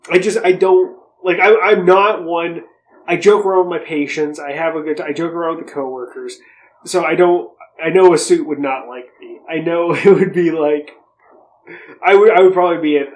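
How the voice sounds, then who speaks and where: Man, young adult, podcast co-host, casual, profane, rambling, higher voice. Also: poor audio. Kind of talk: casual chat.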